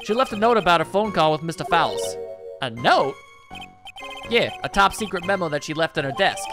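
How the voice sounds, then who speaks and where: A man plays a keen, bumbling police detective, raised in pitch and loud, snapping out "yes, sir" to the court. Game music sits clearly behind. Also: animated, brisk, lightly acted. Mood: eager. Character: eager, dim male police detective.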